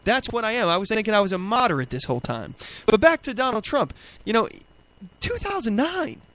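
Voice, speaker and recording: A man's voice: high voice, big pitch swings, fast, a bit bright, no echo. A young man hosting a political talk radio show, ranting emphatically in a plainspoken way with fillers.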